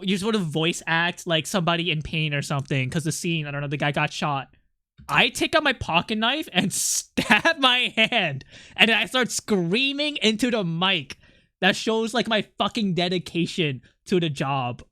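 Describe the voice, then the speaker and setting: Bright, dry-voiced joking streamer. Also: medium pitch, no echo. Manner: rambling and joking, swears a lot, laughs often. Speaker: art streamer chatting with viewers. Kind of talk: casual live-stream chat.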